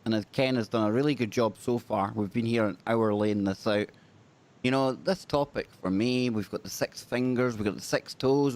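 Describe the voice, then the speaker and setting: A man hosting a podcast in casual chat, joking and making puns, poking fun at his own speaking. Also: mid-range voice. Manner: jokey, self-deprecating, punning. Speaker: podcast host.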